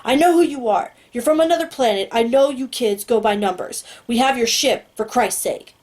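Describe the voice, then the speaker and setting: Detached male federal agent, interrogating, read by a woman narrator; clipped, flat delivery, mid-pitched, audiobook character. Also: moderate pace, lightly acted. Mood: shouting.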